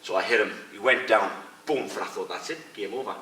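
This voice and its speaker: In this casual storytelling interview, a middle-aged man with a lowish voice talks a little fast, giving blunt, animated fight anecdotes and mimicking other people's words. He's a retired fighter and coach, recorded on a distant mic in an echoey room with faint background noise.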